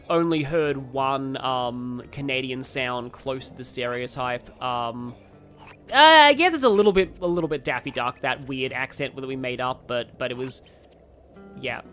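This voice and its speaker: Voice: mid-range voice, lively intonation, a little slow, fairly bright tone, clean tone, soft background music. A streamer giving casual, rambling let's play commentary, reading chat aloud with lots of fillers. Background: game audio.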